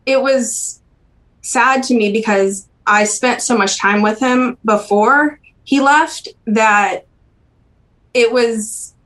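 Young woman, halting and soft-spoken. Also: on the high side, rough recording. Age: young adult. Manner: soft-spoken and halting, with frequent ums and restarts. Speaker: interview guest. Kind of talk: podcast interview, personal recollection.

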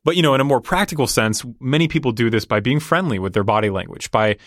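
A man's voice: mid-range voice, lively intonation, quick pace, a bit bright, no echo, studio quality. A man talking confidently and explaining with examples in a casual conversation. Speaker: negotiation guest.

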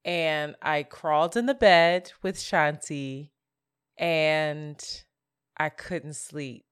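A woman co-hosting a podcast, telling stories in a lively, animated way and laughing often. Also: sits low, drawn-out words, clear, resonant tone. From Philadelphia area. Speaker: podcast co-host. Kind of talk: casual chat.

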